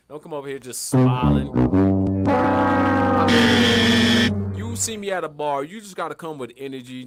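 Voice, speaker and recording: A man co-hosting a casual podcast, telling stories in a lively, profane way and acting out the people he quotes. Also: mid-range voice. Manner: animated storyteller, acts out quotes, lots of profanity. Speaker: podcast co-host.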